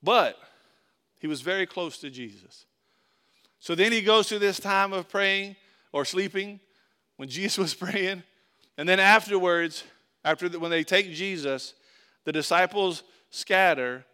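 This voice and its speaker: A man's voice: high-pitched, a little slow, pauses often, sharp tone, clear, resonant tone. A man preaching a sermon in a conversational way, asking his listeners questions and repeating key phrases for emphasis. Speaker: pastor.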